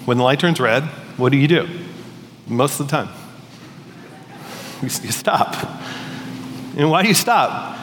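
A man giving a sermon in a casual, storytelling manner, stumbling over words now and then. His mid-pitched voice carries a long hall reverb over faint background noise. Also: animated, unhurried, long pauses. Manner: conversational, storytelling with restarts. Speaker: pastor.

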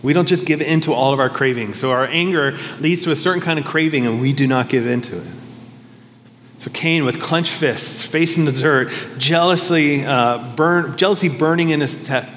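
A man's voice: a little high, moderate pace, a bit bright, long reverb tail, a little hiss or hum. A male pastor preaching a sermon in a conversational, reflective way, often questioning himself aloud.

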